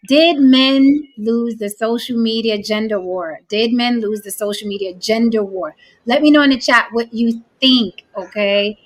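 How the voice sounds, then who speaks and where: Brisk woman hosting a livestream. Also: a little high, sharp tone, rough recording. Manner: brisk, addresses the chat directly. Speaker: host. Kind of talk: livestream talk show host.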